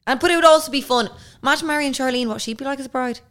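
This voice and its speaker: A woman's voice: high voice, rapid-fire, fairly bright tone, smooth. A young woman, co-hosting a podcast in chatty, hedging talk that often trails off mid-sentence. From Ireland. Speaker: podcast co-host. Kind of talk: casual chat.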